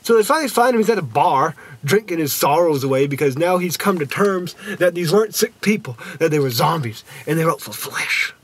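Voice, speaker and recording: A man's voice: a little high, expressive, a little fast, hardly any pauses, breathy edge. A man casually reviewing a TV episode for his fans. He refers to himself by a nickname in the third person, in a goofy, folksy way.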